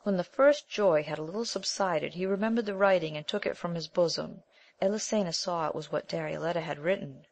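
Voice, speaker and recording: A woman reads an old tale aloud as an audiobook narrator, with a measured, even delivery. Her voice sits on the lower side for a woman.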